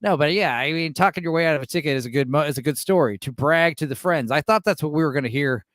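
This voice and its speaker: A man in his late thirties hosting a live stream and reacting with profane, animated commentary. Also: a little high, fast, no room sound, clean studio sound. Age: 30s. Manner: animated, profane, laughs often. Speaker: streamer host.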